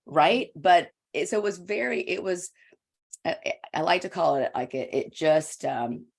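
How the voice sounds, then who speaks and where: A woman's voice: low voice, expressive, a little slow, creaky, husky. A middle-aged woman coach, a guest on an interview show, telling her story in a candid, confessional way. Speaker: guest, women's leadership coach.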